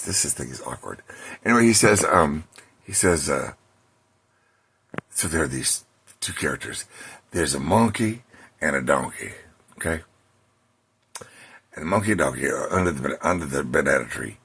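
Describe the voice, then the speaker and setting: A man retelling a comedy bit in a rambling, halting way, with a gravelly, husky voice. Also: deep voice, a bit bright. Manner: rambling, halting restarts, laughs at own punchlines. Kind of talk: rambling storytelling monologue.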